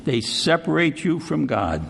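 A male preacher tells a Bible story in a conversational sermon, repeating "see?" as he goes. His slightly high voice has a gravelly fry and rings in a long hall reverb. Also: big pitch swings, measured pace, a bit bright.

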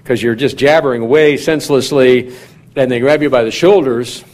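A man preaching a sermon in a measured, teaching manner, putting questions to his listeners. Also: mid-range voice, darkish tone. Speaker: pastor.

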